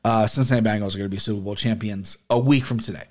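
A man hosting his own podcast, talking casually in a rambling, excitable way and swearing often. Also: on the low side, racing. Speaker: podcast host. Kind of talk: casual solo podcast talk. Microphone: camera and podcast mic.

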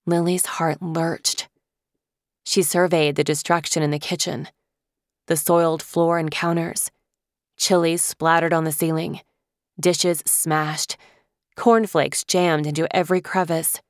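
A woman narrating a children's fantasy novel in a measured, vivid storytelling manner. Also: deep voice, steady tone, no echo, studio quality. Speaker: audiobook narrator. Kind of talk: scripted narration.

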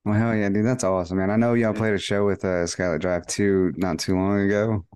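A man's voice: fairly low pitch, fairly even intonation, brisk, a little mellow, clean tone. A man hosting a casual podcast interview, laid-back, reacting with short enthusiastic remarks and frequent laughs. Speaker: podcast host.

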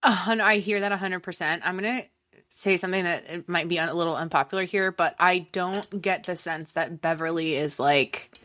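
A woman's voice: fairly low pitch, a little fast, fairly bright tone. A woman co-hosting a casual podcast, reacting to the story with jokes and laughter. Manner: reactive, joking, laughs often. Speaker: podcast co-host.

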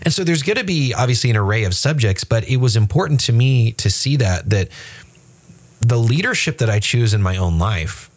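A man's voice: mid-range voice, moderate pace. A man co-hosting a casual faith podcast, talking loosely with restarts and acting out quoted voices. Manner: animated, acts out quoted voices; frequent restarts and fillers. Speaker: podcast co-host.

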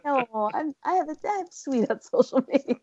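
A woman's voice: high voice, lively intonation, moderate pace, a little mellow, dry recording, dull audio. A woman of Bengali heritage, an author chatting as an interview guest, laughing often and teasing herself. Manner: giggly and self-mocking. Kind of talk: casual interview chat.

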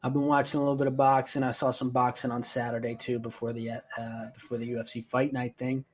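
A man's voice: medium pitch, flat delivery, quick pace. A man hosting his own podcast alone, rambling casually, swearing a lot and restarting sentences. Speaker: podcast host. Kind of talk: solo casual chat.

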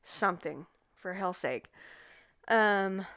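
A woman's voice: mid-range voice, slow, fairly bright tone, smooth, dry recording. A woman co-hosting a casual podcast, telling a story with a laugh and plenty of swearing. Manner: casual, laughing, reads case notes with swearing. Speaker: podcast co-host.

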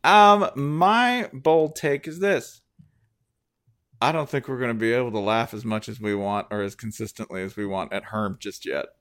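A man's voice: mid-range voice, normal speed, fairly bright tone, clear, resonant tone. A man hosting a sports podcast in a casual, sarcastic, joking manner.

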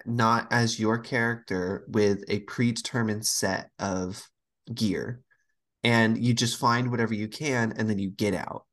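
Animated woman telling stories. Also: extremely low pitch, unhurried. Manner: animated storyteller, acts out quoted voices. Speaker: podcast co-host. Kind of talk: casual chat.

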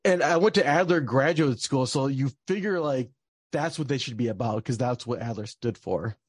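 A man's voice: mid-range voice, moderate pace, breathy edge, no room sound. A young man telling a personal story in a casual, rambling way, with lots of fillers and bursts of frustration. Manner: rambling, many fillers, gets heated and swears.

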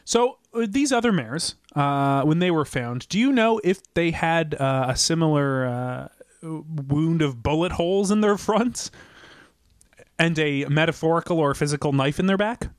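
A man hosting an improv comedy podcast, asking playful deadpan questions. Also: on the high side, unhurried, clear, resonant tone, no room sound, studio quality. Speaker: podcast host.

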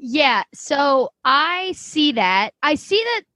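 A woman's voice: high voice, sing-song, takes it slowly, sharp tone, dry recording. A woman co-hosting a casual podcast, blunt and swearing freely. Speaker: podcast co-host. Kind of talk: casual chat.

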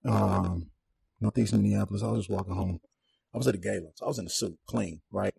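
A young man telling a personal story on a podcast in a casual, animated way, acting out the people in it. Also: on the low side, a little fast, vocal fry, slightly rough, no echo. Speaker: podcast guest.

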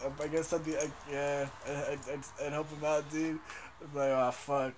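A man's voice: on the high side, little pitch movement, normal speed, slight background noise. A young man co-hosting a podcast in casual chat, rambling and profane, hesitating with lots of fillers. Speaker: podcast co-host.

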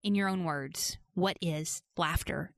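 A woman from Georgia hosting a podcast, talking in a playful, jokey, animated way. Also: lowish voice, slow pace, gravelly, dry recording, studio quality. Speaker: podcast host. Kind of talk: casual podcast narration.

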